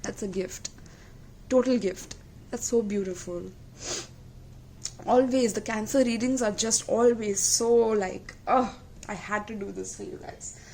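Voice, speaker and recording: A woman's voice: a little high, steady tone, measured pace. A woman reads tarot straight to her viewers in an earnest, affectionate way. She keeps checking in with little asides to her listeners. A faint hiss sits under her voice. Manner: warm, repeatedly checks in with "okay?" and "my loves"; gentle, emotional and earnest. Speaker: tarot reader. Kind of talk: tarot reading to camera.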